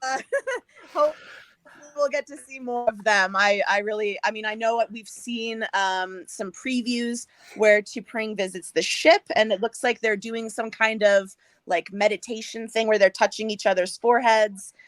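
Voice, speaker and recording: A woman's voice: fairly high pitch, fairly even intonation, unhurried, dry recording. A woman co-hosting a casual fan chat, bubbly and giggly, full of "like" and "um". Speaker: podcast co-host.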